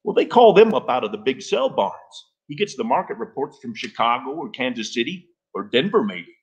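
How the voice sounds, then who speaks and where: A man's voice: mid-range voice, very animated, normal speed, husky, muffled recording, voice pushed up. A man voicing an earnest old rancher in a literary reading, talking in folksy rural grammar.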